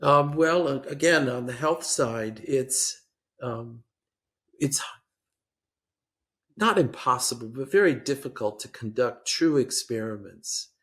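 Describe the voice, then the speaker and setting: An older man speaking as a policy expert guest in a podcast interview, measured and hesitant with frequent restarts. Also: mid-range voice, expressive, fairly bright tone.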